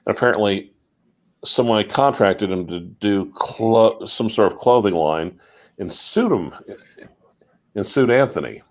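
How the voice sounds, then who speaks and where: A man chatting on a livestream, calmly recounting what he has heard. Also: on the low side, measured pace. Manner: easygoing storyteller, relaxed. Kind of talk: casual livestream chat.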